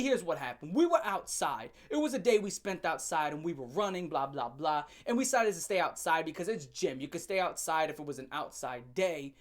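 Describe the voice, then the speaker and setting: A young man vlogger telling a storytime rant in a brash, joking and crude way. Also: high-pitched.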